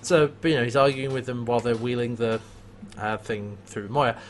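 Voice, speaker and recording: A man's voice: mid-range voice, normal speed, slight background noise. Chatty man retelling a show, laughing. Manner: animated retelling, acts out quotes, laughs often. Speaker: podcast co-host recapping a TV episode. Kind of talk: casual chat.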